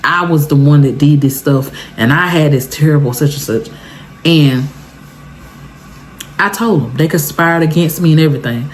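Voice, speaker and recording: A woman telling a personal story for her vlog in a casual, animated way, talking straight to her viewers and jumping high in pitch for emphasis. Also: moderate pace. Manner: colloquial, talks straight to viewers. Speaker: storytime vlogger.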